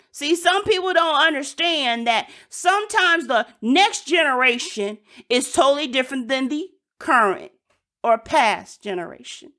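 A woman with a high, bright voice delivers a sermon. She talks in an earnest, exhorting way and circles back to repeat her points. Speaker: preacher.

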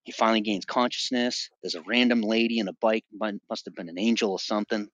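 A man's voice: fairly low pitch, fairly even intonation, fast talker, fairly bright tone, no echo, lo-fi sound. A man in his forties from the Boston area, a podcast guest telling his personal testimony in an intense, emphatic way with frequent restarts. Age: 40s.

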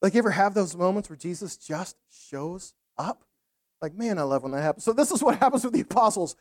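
A middle-aged man preaching a sermon in a conversational, animated storytelling way, with laughs. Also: sits high, brisk. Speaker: pastor.

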